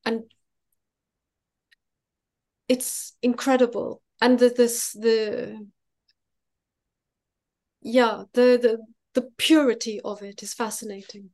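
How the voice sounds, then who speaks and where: A woman artist answering interview questions thoughtfully, pausing and searching for her words. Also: fairly high pitch, steady tone, a little mellow. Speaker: guest artist.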